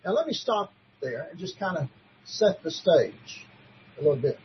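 A man with a notably high voice teaches a Bible study in sermon style. He presses his points emphatically and poses rhetorical questions to his listeners. The recording is muffled and lo-fi. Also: very animated, normal speed, slight background noise. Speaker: preacher teaching a Bible class.

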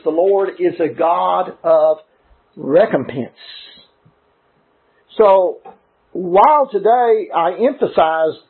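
Male preacher, high husky voice, emphatic and deliberate, tinny phone-like recording. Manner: emphatic, deliberate, slows on key words. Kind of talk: sermon.

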